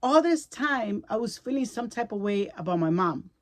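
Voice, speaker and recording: A woman's voice: fairly high pitch, animated, normal speed. A middle-aged woman vlogger telling a personal story in casual chat, emotional and repetitive, often checking in with the listener. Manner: emotional, chatty, repeats herself, checks in with "right?".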